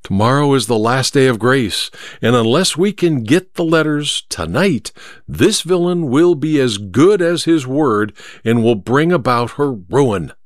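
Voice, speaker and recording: A man reading an audiobook, voicing a cool, confident male detective who speaks in a crisp, amused, measured way. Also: mid-range voice, lively intonation, dry recording, clean studio sound, lightly acted. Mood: resolute.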